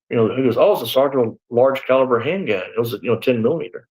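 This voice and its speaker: A former deputy in his sixties tells his story in a live interview, his medium-pitched voice quick and a little mellow on a low-quality recording. He rambles a bit, keeps saying "you know" and "man," and acts out the exchanges between the people he quotes.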